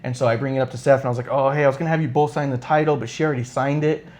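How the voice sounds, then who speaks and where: Rapid-fire and a little mellow, this podcast host's mid-range voice holds a fairly even intonation. He's live, chatting casually, meandering through a profanity-laced story and voicing each quoted line differently.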